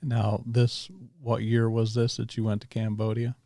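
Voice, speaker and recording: A man's voice: mid-range voice, completely flat delivery, normal speed, dark tone, no echo, clean studio sound. A man hosting a casual interview podcast, asking rambling questions and checking the timeline. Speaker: podcast host.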